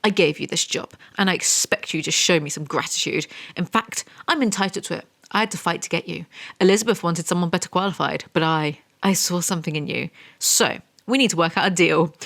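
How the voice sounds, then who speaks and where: A woman's voice: lowish voice, animated, a little fast, a bit bright. A woman reading aloud the lines of a sneering, predatory male boss from a romance novel, with a leering, mocking delivery. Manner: leering, menacing, mocking read. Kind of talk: dramatic book reading in a review.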